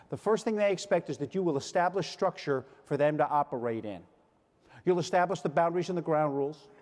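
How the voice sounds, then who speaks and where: A man's voice: a little high, darkish tone. Older man giving a hall keynote. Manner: storytelling, acts out quoted voices. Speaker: keynote speaker. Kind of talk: motivational speech. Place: large hall with audience. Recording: long hall reverb.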